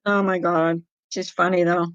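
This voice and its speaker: A woman's voice: fairly low pitch, flat delivery, moderate pace, clean tone, dry recording. A middle-aged woman hosting a casual livestream, chatting with viewers in a rambling way and laughing often. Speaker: livestream host. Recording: dull lo-fi sound.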